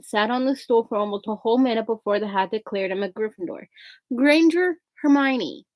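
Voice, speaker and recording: Higher-voiced woman reading aloud. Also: no echo, rough recording. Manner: stumbles and corrects herself while reading. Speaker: reader.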